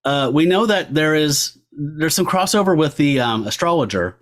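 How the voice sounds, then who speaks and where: A man's voice: on the high side, expressive, moderate pace. A man hosting a casual film podcast, rambling along with lots of filler words. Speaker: podcast host.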